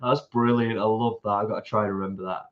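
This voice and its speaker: A man's voice: fairly low pitch, fairly even intonation, quick pace, muffled recording. A British man co-hosting a live stream, chatting casually, reading out viewer comments and laughing easily.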